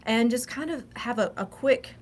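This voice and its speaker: A woman's voice: fairly high pitch, animated, moderate pace. Woman, Texan accent, frank, confident, plain-spoken, faint background hiss. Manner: frank, confident and straight-talking. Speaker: sex coach guest. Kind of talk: casual interview talk.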